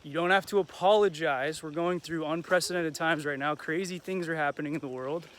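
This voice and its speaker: A man's voice: on the high side, fairly even intonation, a little fast, a bit bright. A young man hosting a casual motivational vlog outdoors while walking through a neighborhood, upbeat and encouraging, tossing in Spanish phrases. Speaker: vlog host.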